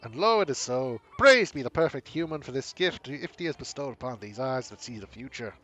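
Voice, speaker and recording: A man's voice: mid-range voice, lively intonation, moderate pace, husky, highs cut off. A man voicing a grand, mystical woman wanderer from far away, with a flowery, theatrical drawl, in a game. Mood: grandiose.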